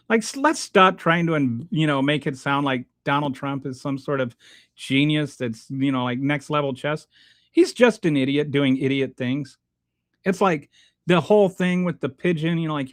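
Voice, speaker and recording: Male host, slightly high voice, dry close sound; casual, halting, exasperated rebuttals to comments. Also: dry recording. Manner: halting, restarts often, blunt and exasperated. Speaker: show host answering viewer comments.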